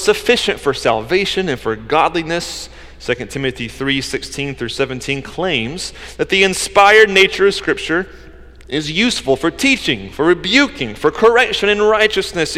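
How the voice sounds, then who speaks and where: A man preaching a sermon as pastor, conversational, swinging between emphatic lines and hushed asides. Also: fairly high pitch, animated, normal speed, long reverb tail. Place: church sanctuary.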